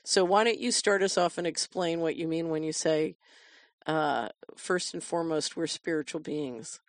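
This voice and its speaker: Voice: medium pitch, normal speed, dry recording, studio quality. A host opening an interview with a leading question. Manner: asks leading questions, affirms with short replies.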